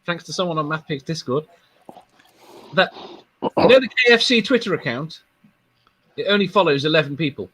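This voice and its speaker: Higher-voiced man explaining at length. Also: lively intonation, moderate pace, long pauses, fairly bright tone, rough recording. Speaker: guest. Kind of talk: casual livestream chat.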